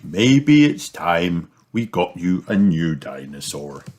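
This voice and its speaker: A man reading the part of a jolly father pig, soft and low, in a storybook read-aloud. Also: sing-song, slow pace, heavy background noise, exaggerated voice. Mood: gentle.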